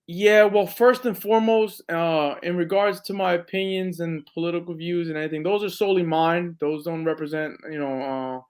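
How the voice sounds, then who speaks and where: A man's voice: on the high side, steady tone, normal speed, hardly any pauses, darkish tone, clear, resonant tone. A man, a veteran and police officer, talking earnestly as a podcast guest with lots of fillers. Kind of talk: casual interview talk.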